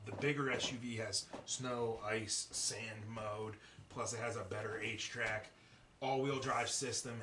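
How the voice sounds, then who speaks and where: A man hosting a podcast, telling a story in a casual, profane, animated way. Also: fairly low pitch, background noise. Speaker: podcast host. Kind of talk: casual chat. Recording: echoey room, distant mic.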